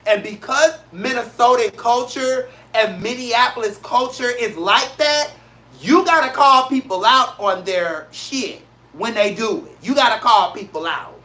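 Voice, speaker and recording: A talk-show host from St. Louis, Missouri, USA, delivers a casual solo rant, blunt and profane, hammering his points through repetition. His voice is extremely high, bright, and forward, with emphatic, slightly slow delivery.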